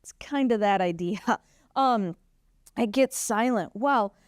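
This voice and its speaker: Lady teaching a church kids class, acts out the story, clear voice, no room echo. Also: mid-range voice, slow pace, studio quality. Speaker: children's Bible teacher. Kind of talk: kids' Bible story lesson.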